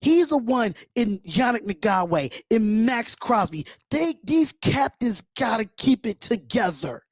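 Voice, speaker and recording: A man's voice: extremely high pitch, sing-song, unhurried, dry recording, clean studio sound. A man hosting a live fan reaction stream, talking with passion, bluntness and frequent swearing. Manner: impassioned, blunt, swears freely. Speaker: livestream host. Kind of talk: emotional fan reaction livestream.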